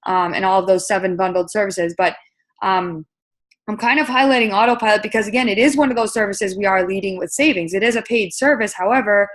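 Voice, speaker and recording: A woman at a mid-range pitch talks a sales team through a webinar training. She coaches in an upbeat, conversational way, full of fillers and restarts. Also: fairly even intonation, fairly quick.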